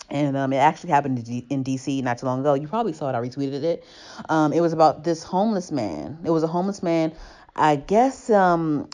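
A woman's voice: deep voice, darkish tone. A young woman in casual chat, rambling with many restarts and growing heated as she talks. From family from Tobago.

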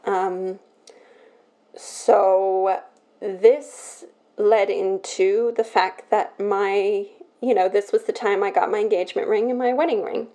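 A young woman on her own podcast, talking through something personal in an emotional, halting way, full of restarts. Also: mid-range voice, fairly even intonation, mellow. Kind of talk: personal confessional talk.

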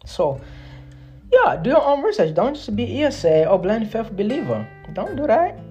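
A woman's voice: fairly high pitch, sing-song, normal speed, a little mellow, lo-fi sound, faint music behind. A woman hosting a solo podcast, lecturing her listeners in a blunt, profane and emphatic way, repeating her points. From Congo. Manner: lecturing, repetitive. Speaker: podcast host.

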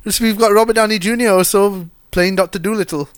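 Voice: mid-range voice, steady tone, quick pace, dry recording, studio quality. A podcast co-host in casual chat, talkative and swearing freely, often breaking into laughter.

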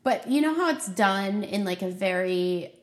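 A woman's voice: mid-range voice, animated, a little slow. A young woman hosting a podcast, chatting casually and rambling with lots of "like"s. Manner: rambling, filler-heavy with many "like"s. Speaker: podcast host.

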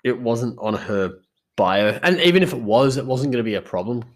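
A man's voice: mid-range voice, animated, moderate pace. A young man hosting a podcast, telling stories in a rambling casual monologue full of swearing. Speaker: podcast host.

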